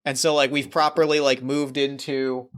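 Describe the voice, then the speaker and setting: Man with a smooth, clear voice. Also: mid-range voice, level tone, moderate pace, fairly bright tone. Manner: thinks aloud, proposing scenes tentatively. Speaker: tabletop role-play player. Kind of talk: casual improvised storytelling.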